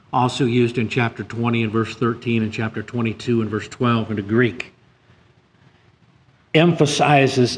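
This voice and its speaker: Man preaching a sermon with emphatic rises. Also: mid-range voice. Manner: reads scripture aloud, rising emphatically on key points.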